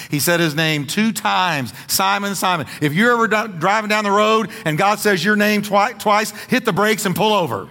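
A male pastor preaches in a church, hammering his points home by repeating key words and dropping in folksy jokes. His voice sits high for a man and sounds bright and forceful. A long reverb from the sanctuary hangs behind every phrase. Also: moderate pace, few pauses. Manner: folksy humor with the congregation. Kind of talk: sermon.

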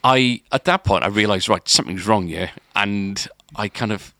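A male podcast co-host tells a long, rambling story, full of filler and frequent restarts. His voice sits on the low side, pushed and bright at a normal speed, in studio-quality sound with no echo.

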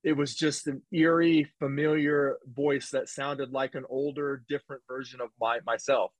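A man's voice: mid-range voice, normal speed, no room sound, poor audio. Man telling a story, dry sound. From United States. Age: 20s. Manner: animated, rambling with restarts and quoted dialogue. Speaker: guest, former football player. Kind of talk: casual storytelling interview. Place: home office.

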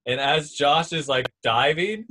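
A man's voice: on the high side, unhurried, slight background noise. A young man, a former volleyball player, telling a sports story in casual chat and acting out what others said. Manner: animated storyteller, acts out quotes.

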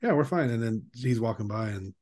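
Guy jumping in with quick bits on a podcast, mid pitch. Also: animated, a little mellow. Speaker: podcast guest. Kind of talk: casual chat.

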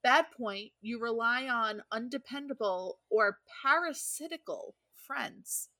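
Bright-voiced woman chatting on a podcast. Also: fairly high pitch, takes it slowly, no room sound. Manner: chatty, laughs easily, reads horoscope text aloud. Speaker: podcast co-host. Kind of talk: casual chat about astrology.

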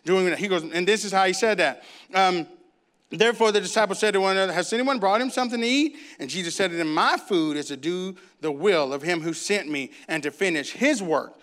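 A man preaching a sermon, reading scripture and telling stories with lively acted-out voices. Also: sits high, fairly quick. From grew up in a Baptist church. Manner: animated storytelling, acts out voices.

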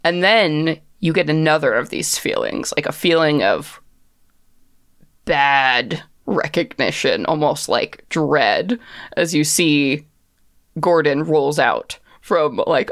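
A woman's voice: sits low, slow pace. A woman narrating a tabletop game as game master, chatty and hesitant, with many fillers.

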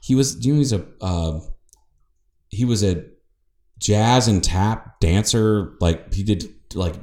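Podcast co-host, male, low, profane and loose, roomy echo. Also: slow, warm tone. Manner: profane, laughing, mimics voices in anecdotes. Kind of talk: casual chat. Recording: echoey room with faint noise.

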